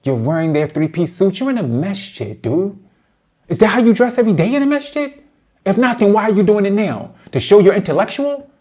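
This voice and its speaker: A man giving heated reaction commentary, addressing his target directly with blunt, slangy lecturing that swings between low muttering and loud outbursts. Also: sing-song, brisk. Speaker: commentator responding to a debate.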